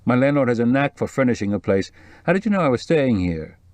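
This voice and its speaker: A man reading the part of a calm reporter who speaks in a kind but firm, soothing way. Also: mid-range voice, quick pace, no echo, voice pushed up, natural voice. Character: kindly, soothing middle-aged male reporter. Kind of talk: audiobook dialogue reading.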